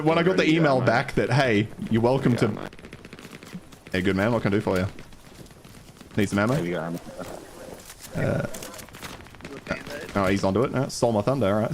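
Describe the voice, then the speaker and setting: A man's voice: normal speed, long pauses, a little hiss or hum. A man with an Australian accent ranting profanely and in exasperation while commentating his gameplay on stream. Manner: profane, exasperated ranting, voice jumping high when worked up. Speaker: gaming streamer.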